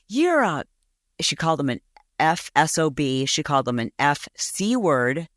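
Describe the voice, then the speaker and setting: A woman's voice: sits low, normal speed, dry recording, clean studio sound. A woman hosting a podcast, telling a story in a casual, gossipy way and acting out voices in quotes. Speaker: podcast host.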